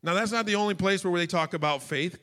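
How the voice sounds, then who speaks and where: Very high, bright-voiced preacher man. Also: fast talker. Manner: emotional, swings into shouting, acts out voices. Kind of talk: sermon.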